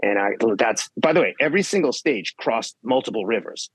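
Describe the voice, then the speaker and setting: A man in his fifties, a guest athlete telling race stories in blunt, profane, animated casual chat. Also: medium pitch, a little fast, slightly rough, no echo. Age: 50s. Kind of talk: casual podcast storytelling.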